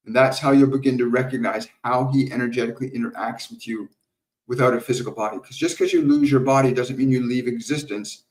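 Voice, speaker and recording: Calm man speaking from across a roomy space. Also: mid-range voice. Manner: calm, slow, repetitive teaching with soft laughs. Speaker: spiritual medium answering viewer questions. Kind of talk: live Q&A stream with guided meditation. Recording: roomy sound, distant from the mic.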